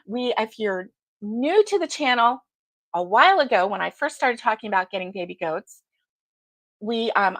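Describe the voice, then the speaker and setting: A woman's voice: medium pitch, fairly bright tone, dry recording. A woman hosting a casual live chat, greeting viewers by name and laughing often. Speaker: livestream host.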